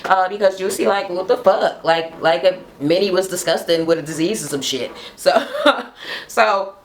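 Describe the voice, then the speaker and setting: A woman's voice: lowish voice, moderate pace, a little hiss or hum. Blunt, gossipy woman recapping TV. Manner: blunt, profane, gossipy, laughs often. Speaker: reality TV recap vlogger. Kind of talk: casual gossipy recap chat. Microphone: camera mic, talking to camera at home.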